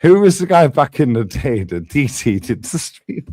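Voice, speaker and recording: A man's voice: mid-range voice, very animated, moderate pace, a little mellow, dry recording. A man hosting a heated live fan stream, bantering, swearing and laughing often. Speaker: livestream host. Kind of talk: heated livestream fan debate.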